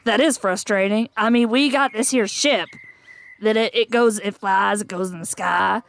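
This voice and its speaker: A woman's voice: mid-range voice, moderate pace, gravelly, a little hiss or hum, natural voice. A woman doing Mama Sass, folksy rural farm lady. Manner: folksy, rural-sounding drawl.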